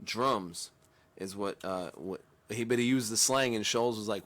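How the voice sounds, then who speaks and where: A man chats through a reaction video in a relaxed, slangy way. He rambles, corrects himself mid-sentence and trails off between thoughts. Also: medium pitch, moderate pace. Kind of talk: casual reaction commentary.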